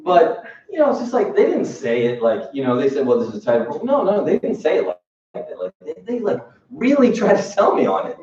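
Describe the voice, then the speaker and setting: Male sales trainer, animated storyteller, higher voice, muffled distant room recording. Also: fairly quick, heavy reverb, slight background noise. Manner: animated storyteller acting out bosses, laughing, street-talk swearing. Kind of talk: motivational training talk.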